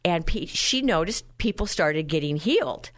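A woman guest on a radio show, telling her personal testimony with lively storytelling and frequent laughter. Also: lowish voice, moderate pace.

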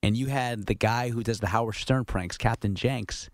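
A man's voice: medium pitch, dry recording, studio quality. Joking male radio show producer. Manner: quick, joking banter with the host. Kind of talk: sports talk radio. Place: radio studio. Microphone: studio microphone.

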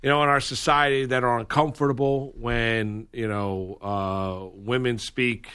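A man's voice: medium pitch, fairly even intonation, measured pace, sharp tone, clean tone. Hesitant male sports radio co-host. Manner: hesitant, many fillers and restarts. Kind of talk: casual sports radio chat.

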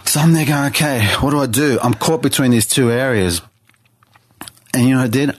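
A man's voice: mid-range voice, fairly quick, a little hiss or hum. A man telling his life story as a guest on a podcast interview, earnest and full of restarts. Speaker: guest artist. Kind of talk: personal testimony in a podcast interview.

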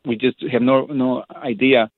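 A man, a priest, telling stories in a rambling, animated way with many restarts, heard over a phone line. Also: medium pitch, unhurried, no echo. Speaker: priest, guest. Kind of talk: casual storytelling on a phone-in show. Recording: tinny phone line, dry.

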